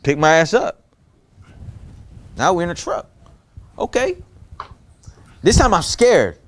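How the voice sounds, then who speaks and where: A man's voice: sits high, slow. A man telling a rambling story from his childhood in casual slang, acting out the voices of his relatives. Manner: animated, acts out voices of relatives; streetwise slang, loose rambling. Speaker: storyteller in a clip being reacted to.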